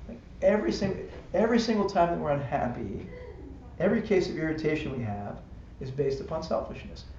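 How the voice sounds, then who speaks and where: In a casual Buddhist class, a man with a slightly high, sing-song voice and dark tone lectures briskly. He chats, laughs often, and peppers his talk with "right?" and "you know." The recording is an echoey room with dull, faintly hissing live-stream audio.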